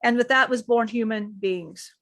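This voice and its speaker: Woman channeler, fairly high voice, speaks as a male being in slow, repeating storytelling. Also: a bit bright, no room sound, studio quality. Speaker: spiritual channeler.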